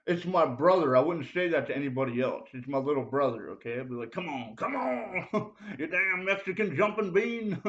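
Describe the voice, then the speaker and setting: A man giving a rambling confessional monologue to camera, full of fillers and urgent appeals to the listener. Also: fairly high pitch. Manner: rambling, heavy fillers like dude and bro. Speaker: self-made video preacher. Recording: roomy, dull lo-fi sound.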